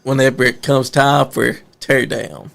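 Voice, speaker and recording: A man's voice: medium pitch, flat delivery, unhurried, vocal fry, a bit bright. A man hosting a casual podcast, laid-back, chiming in with quips and follow-up questions. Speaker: podcast host.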